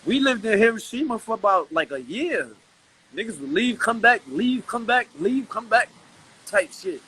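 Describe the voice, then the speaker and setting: A man from Brooklyn talking as a guest in a casual hip-hop chat, animated and slangy, restarting his sentences a lot. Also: high voice, moderate pace, husky, poor audio.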